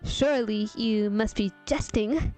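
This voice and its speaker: A woman's voice: medium pitch, a little slow, mellow, faint music behind, close to an everyday voice. A woman putting on a theatrical lovestruck suitor. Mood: courtly. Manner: archaic, over-the-top courtly phrasing. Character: lovestruck young admirer, theatrical and courtly.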